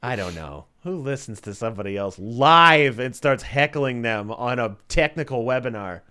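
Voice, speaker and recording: A man's voice: mid-range voice, normal speed, clear, resonant tone. A man co-hosting a casual podcast, telling stories and acting out quotes with lots of energy. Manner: animated storyteller who acts out quotes. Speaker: podcast co-host and voiceover artist.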